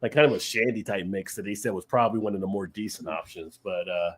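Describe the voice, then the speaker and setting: A man's voice: fairly low pitch, quick pace, a bit bright, a little hiss or hum. A man in casual chat on a live stream, telling rambling beer-trip stories and laughing often. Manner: rambling anecdotes with frequent laughter.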